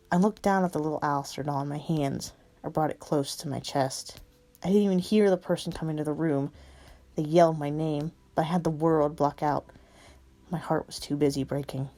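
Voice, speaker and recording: Low-voiced woman reading a story. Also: steady tone, fairly quick, dark tone. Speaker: fan fiction reader. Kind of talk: first-person story reading.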